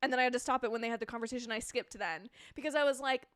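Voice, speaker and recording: A young woman hosting a live reaction stream, chatting about a TV show and reading out viewer comments in an excitable, chaotic, gushing way. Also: on the high side, racing, dry recording, clean studio sound.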